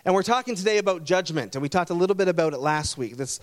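Pastor guy preaching, telling stories, kinda high voice. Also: expressive, fast talker. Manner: storytelling, earnest. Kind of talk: sermon.

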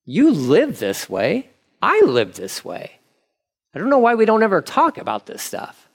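A man preaching with a slightly higher voice than most men. His delivery is candid and conversational, and he speaks prayers aloud as if talking them through. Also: wildly swooping pitch, unhurried, vocal fry. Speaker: pastor. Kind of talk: sermon.

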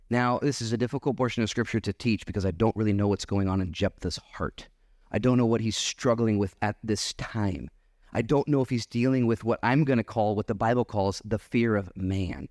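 A man preaching a sermon at his church, animated and acting out bits of dialogue. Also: medium pitch, no room sound, clean studio sound. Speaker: pastor.

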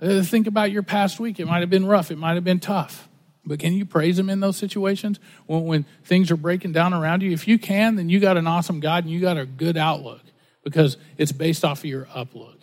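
A man with a high voice preaches in an easygoing, conversational way, stumbling over and repeating words. The sound carries a long reverb, as in a large hall. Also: steady tone, fairly quick, a little mellow. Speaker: pastor. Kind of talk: sermon.

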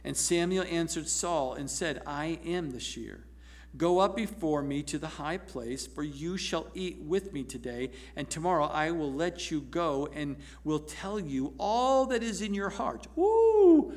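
Pastor type, male, fairly high voice, lively sermon delivery with bursts of laughter. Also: a little slow. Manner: animated, laughing, acting out scripture voices.

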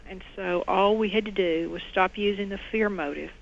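A woman's voice: medium pitch, normal speed, vocal fry. A middle-aged woman, a guest on an interview show, earnestly telling a personal story and quoting others. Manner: earnest testimony, quotes others in raised voice. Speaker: guest, former clinic owner. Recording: dull lo-fi audio with faint noise.

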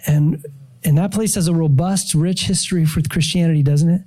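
With a fairly high voice and a fairly quick pace, a middle-aged pastor offers a sermon testimony. He tells the story with animation, performing his own prayers and surprise.

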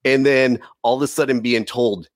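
A man's voice: mid-range voice, steady tone, moderate pace, dry recording, clean studio sound. A man giving an earnest, emotional faith testimony as a podcast guest, often saying "dude". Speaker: preacher.

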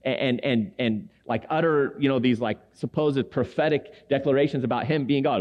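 A man's voice: mid-range voice, normal speed, hardly any pauses. A man in his forties, born in Lebanon, preaching to men in a chatty, humorous storytelling way and acting out the people in his stories. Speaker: preacher at a men's gathering. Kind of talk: storytelling sermon. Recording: echoey hall, dull lo-fi sound.

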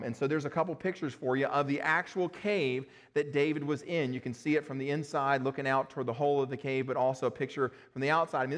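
A man pastor preaching a sermon, telling the story in an earnest, dramatic way with small fillers. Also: medium pitch.

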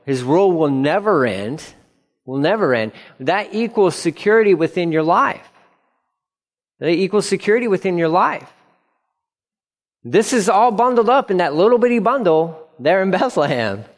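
A man's voice: high voice, expressive, moderate pace. A middle-aged man preaching a sermon as pastor, earnest, repeating phrases for emphasis. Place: church sanctuary. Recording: long reverb of a church hall.

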